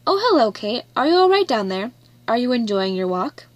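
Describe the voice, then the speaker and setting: Teasing, careless young man rider, read by a woman; amused, light, a touch high. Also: sing-song, fairly quick.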